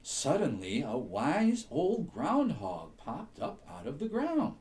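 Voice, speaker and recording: A man reading a bedtime story aloud to children in a soothing, very expressive way. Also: a little high, takes it slowly.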